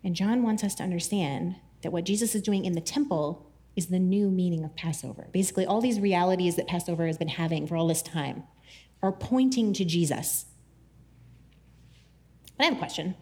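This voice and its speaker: A woman giving a casual, chatty Bible teaching, animated, with many "like" fillers and frequent laughs. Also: medium pitch.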